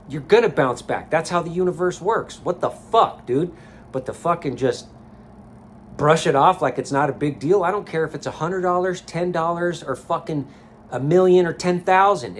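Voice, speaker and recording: A man's voice: fairly high pitch, a little hiss or hum. A man giving a blunt, profane motivational rant to camera as a life coach vlogger, recorded in a sauna.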